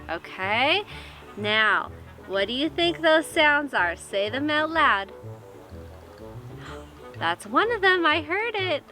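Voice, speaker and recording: A woman's voice: on the high side, sharp tone. A woman teaching a kindergarten lesson, talking cheerfully and coaxingly straight to young children.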